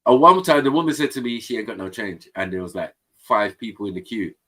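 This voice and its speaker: A man's voice: on the low side, fast talker. A man from England, telling stories in casual chat and acting out the voices of people in them. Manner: animated, acts out voices in his stories. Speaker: guest on a panel stream.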